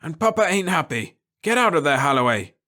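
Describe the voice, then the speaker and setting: A man voicing a gruff, impatient military captain who shouts urgent orders and curses, in a dramatic audiobook reading. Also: on the high side, very animated, fairly quick. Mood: barking.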